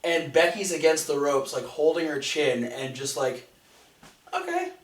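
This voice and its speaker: A man's voice: a little high, moderate pace. A man co-hosting a casual podcast, walking through events in a loose, rambling way. He restarts his sentences often and leans on fillers. His voice sounds distant and roomy. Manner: rambling recap with frequent restarts. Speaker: podcast co-host. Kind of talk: casual wrestling recap chat.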